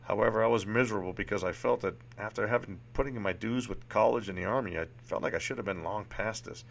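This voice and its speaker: A man's voice: on the low side, fast, creaky, hardly any pauses. A man reading his personal memoir aloud in a candid, reflective way, with occasional restarts.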